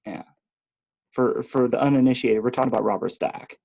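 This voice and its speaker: A man co-hosting a podcast in casual chat, measured and often murmuring agreement. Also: medium pitch, steady tone, creaky, mellow, breathy edge, highs cut off. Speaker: podcast co-host. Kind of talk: casual chat about films.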